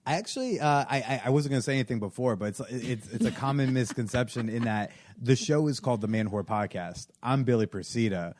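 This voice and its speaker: A man's voice: medium pitch, brisk, hardly any pauses, darkish tone, no echo. A man from New Jersey, a comedian guest on a podcast, chatting casually in a joking, self-deprecating way. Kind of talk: casual chat.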